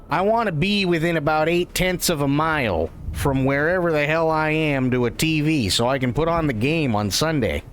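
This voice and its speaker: A man's voice: on the high side, fairly bright tone, slight background noise. A man streaming a role-play game, rambling through jokes with frequent laughter and casual swearing.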